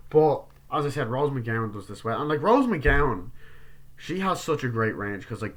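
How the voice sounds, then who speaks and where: A man's voice: on the low side, fairly bright tone. A young man giving a casual, rambling movie review, swearing freely and acting out scenes as he retells them. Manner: rambling, profane, acts out scenes in quoted voices.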